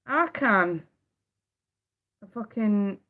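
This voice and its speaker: A woman's voice: medium pitch, lively intonation, very slow. A woman giving a live tarot reading, blunt and emphatic, swearing freely and repeating her points. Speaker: tarot reader. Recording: dull lo-fi sound.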